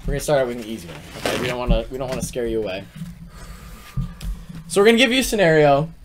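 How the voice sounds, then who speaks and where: A man's voice: mid-range voice, very animated, rapid-fire, over music. A young man co-hosting a casual chat, playful and teasing, setting up questions for a guest. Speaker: co-host. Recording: faint background noise.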